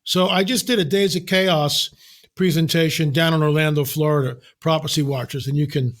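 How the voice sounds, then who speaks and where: An older man speaking as a podcast guest, telling stories in an emphatic, animated way with sudden exclamations. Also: on the high side, moderate pace. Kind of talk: casual podcast conversation.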